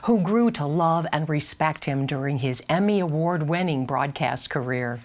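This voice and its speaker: A woman, a TV news anchor, giving a scripted tribute in a measured newscaster delivery. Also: deep voice, expressive, darkish tone.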